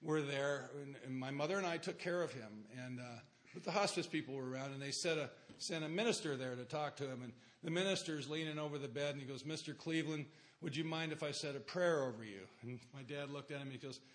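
A middle-aged man telling his life story to a recovery meeting, plain-spoken, with dry dark humor and rhetorical questions to the listeners. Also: a little high, fast.

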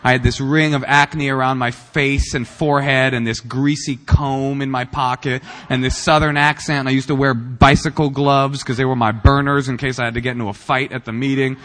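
A man's voice: mid-range voice, little pitch movement, moderate pace, hardly any pauses, fairly bright tone. Self-mocking man in a reverberant hall. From Northern California. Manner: rambling and self-mocking, with many fillers and restarts. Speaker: speaker at a recovery meeting. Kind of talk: humorous personal recovery talk. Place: meeting room.

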